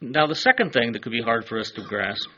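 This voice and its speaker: A man's voice: medium pitch, very animated, brisk, sharp tone, highs cut off. A man preaching a sermon, earnest and emphatic, letting his phrases fall away at the ends.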